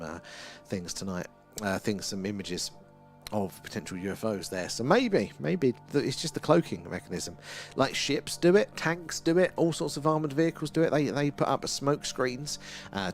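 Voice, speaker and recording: A middle-aged man with an English accent hosting a live stream, chatting with viewers and reading out their comments in a rambling, friendly way. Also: mid-range voice. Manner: chatty and rambling, reads out chat names, laughs often. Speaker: livestream host.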